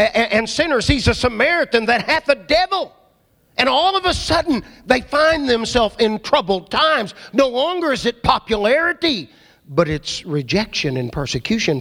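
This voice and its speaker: A man preaching a sermon, dramatic, swinging from loud emphasis to hushed low asides. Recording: hall reverb.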